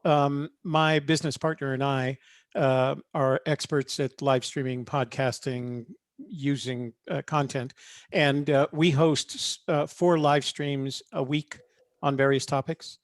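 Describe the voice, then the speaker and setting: A man on a video call making a sales pitch in a halting way, full of fillers. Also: steady tone, no room sound, clean studio sound. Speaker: panel attendee offering live-stream production. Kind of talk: casual online panel chat. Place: home studio.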